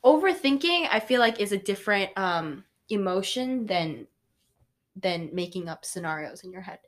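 A woman's voice: medium pitch, expressive, normal speed. A young adult woman co-hosting a podcast, chatting in a giggly, rambling way. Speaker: podcast co-host. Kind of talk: casual chat.

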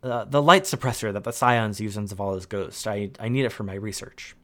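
Man reading distracted male scholar, hesitant, low voice. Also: brisk, bright, forceful tone.

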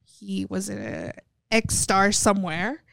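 A young professional wrestler from West Texas candidly tells stories in a chat, bluntly swearing freely and acting out the dialogue. Her medium-pitched voice is slow, creaky and a bit bright, with no room sound.

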